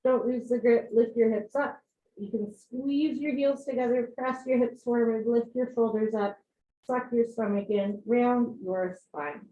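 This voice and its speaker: A woman instructing a live yoga class from home, giving calm posture cues with chatty, encouraging asides. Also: a little high, unhurried, narrow, tinny audio, a little hiss or hum. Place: home room. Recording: roomy home recording.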